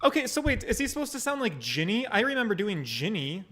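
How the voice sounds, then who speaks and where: A man's voice: sits high, sing-song, fast, pushed and bright. A man streaming a story game, commenting casually in a crude, joking way.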